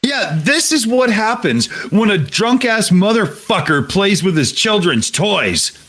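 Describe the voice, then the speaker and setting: A man's voice: sits high, very animated, a little slow, fairly bright tone. A man on a podcast panel, cracking crude jokes with swearing. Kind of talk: casual podcast chat.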